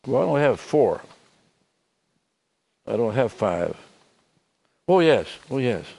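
Older man preaching, halting and soft. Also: mid-range voice, very animated, creaky. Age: 70s. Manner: halting, repeats words, drops to soft tones. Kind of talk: sermon.

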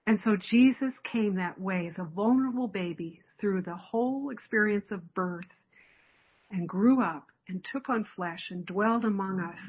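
Earnest woman preaching, husky voice. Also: medium pitch, muffled recording. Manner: earnest, reflective, with soft laughs and pauses. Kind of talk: sermon.

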